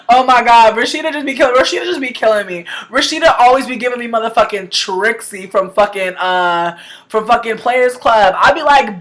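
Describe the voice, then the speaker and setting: An animated woman riffs on a reality show into her webcam, her voice sitting at a middle pitch. She is profane and quick to shout, then drops to a low mutter before building up again. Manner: animated, profane, swings between loud outbursts and low mutters. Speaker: reality TV reviewer. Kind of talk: casual livestream commentary. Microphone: webcam livestream.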